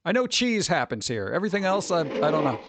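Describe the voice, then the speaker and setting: A man hosting a casual stream, chatting and riffing on viewer messages in a rambling, jokey way with animated rants. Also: on the high side, fast talker, noisy background. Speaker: streamer host.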